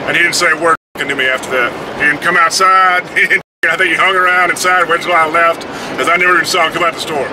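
A man's voice: fairly high pitch, fast. Profane man ranting over road noise. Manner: profane, blunt, heated storytelling. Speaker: vlogger. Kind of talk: casual ranting monologue. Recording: noisy, with vehicle and traffic sounds.

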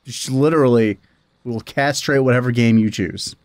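A man co-hosting a let's play, chiming in with deadpan, crude jokes. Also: medium pitch, normal speed, dry recording. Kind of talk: casual gameplay commentary.

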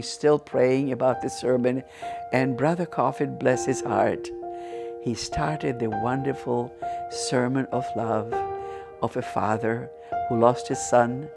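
A woman's voice: rumbling low, gravelly. An older woman from Ukraine with a Ukrainian accent, telling her life story earnestly as an interview guest. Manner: earnest, animated storyteller with frequent restarts. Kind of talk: personal testimony storytelling.

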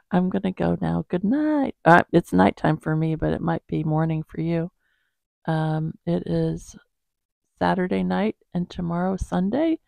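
Slow gravelly-voiced woman praying. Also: fairly low pitch, a little mellow, no echo. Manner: slow, halting prayer with many pauses. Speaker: Bible-reading channel host. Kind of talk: spoken prayer and casual sign-off.

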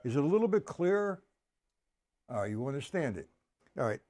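A man's voice: medium pitch, sing-song, brisk, darkish tone. A man teaching a drum lesson on a live stream, counting the beats aloud and explaining each stroke step by step.

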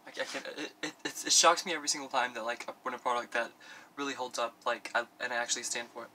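Very bright-voiced rambling man vlogger. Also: medium pitch, fairly even intonation, fast talker, a little hiss or hum. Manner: rambling, filler-heavy, camp self-talk. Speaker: makeup vlogger. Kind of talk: parody beauty tutorial chat. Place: at home doing his makeup.

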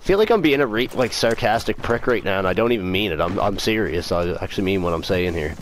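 A man hosting gameplay commentary, excitable and profane, laughing often as he plays with teammates on a headset mic. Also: sits low, fast, a little hiss or hum. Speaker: gaming video host. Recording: loud gunfire over the voice.

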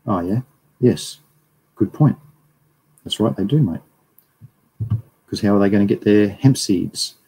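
A man's voice: on the low side, unhurried, long pauses, warm tone, a little hiss or hum, poor audio. A middle-aged Australian man giving a casual, rambling livestream lecture and reading viewer chat aloud.

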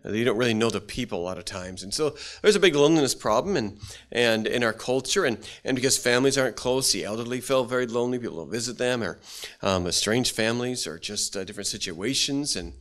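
A middle-aged man delivers a sermon in a plain, folksy way. His speech halts and restarts often, and he clears his throat from time to time. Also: mid-range voice, fairly bright tone. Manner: folksy, halting delivery with many restarts and fillers. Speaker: pastor.

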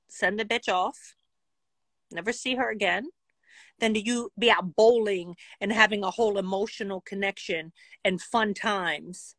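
A woman telling a casual storytime vlog in a blunt, profane and animated way. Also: medium pitch, dry recording. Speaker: vlogger.

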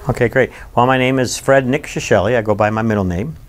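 A man in his sixties from Michigan, recalling his childhood in an oral history interview with animated, emphatic storytelling. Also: mid-range voice, fast talker. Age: 60s.

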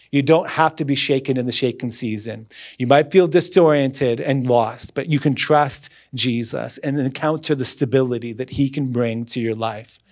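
Earnest man preaching a sermon. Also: on the high side. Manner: earnest, emphatic preaching with repeated phrases. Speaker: guest pastor. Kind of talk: sermon and closing prayer.

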